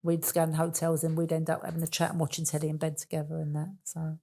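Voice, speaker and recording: A woman's voice: low voice, completely flat delivery, fast, creaky, warm tone. A woman, chatting as an interview guest and telling rambling stories with easy laughs. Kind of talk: casual storytelling chat.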